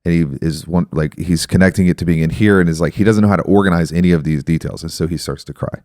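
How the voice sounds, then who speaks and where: A man's voice: low-pitched, steady tone, fast talker, darkish tone, no echo, clean studio sound. A man in his thirties hosting a podcast, telling a story and explaining ideas in a reflective, casual way. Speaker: podcast host.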